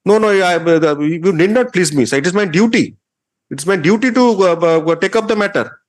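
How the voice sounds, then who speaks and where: A man's voice: high-pitched, moderate pace. A man with an Indian English accent, presiding as a judge at a court hearing, sternly lecturing and rebuking counsel.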